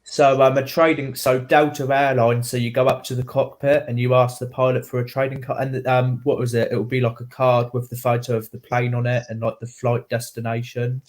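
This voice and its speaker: A young man telling animated stories in a casual chat. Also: medium pitch, a little fast, few pauses.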